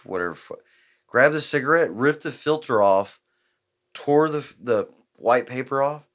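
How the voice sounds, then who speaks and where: In a casual podcast chat, a male host in his 20s tells a rowdy story at a moderate pace in a mid-range voice. He's profane and animated, acting out the quotes of the people involved.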